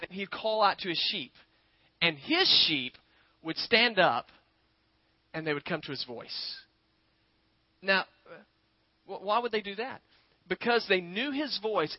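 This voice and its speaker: A male pastor with a notably high voice delivers a casual, conversational sermon, calling his listeners "guys" and "y'all". The sound is dry and a little dull, with no room echo. His voice falls quiet and soft when he tells a story.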